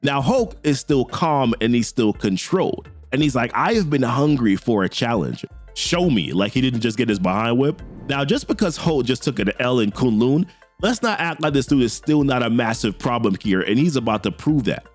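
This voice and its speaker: A man recaps a comic book arc in a relaxed, conversational way and reads out each character's lines as he goes. His pitch rises and falls a lot as he tells it. Soft music plays faintly in the background. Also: normal speed. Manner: animated storytelling, reading characters' lines in quotes with slang asides. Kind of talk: casual comic story recap.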